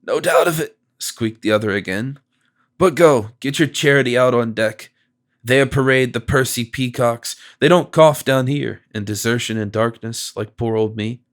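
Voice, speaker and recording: A man voicing a feeble, suspicious old male miser with a squeaky, cracked voice, racked by a violent cough. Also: normal speed, natural voice. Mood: sarcastic.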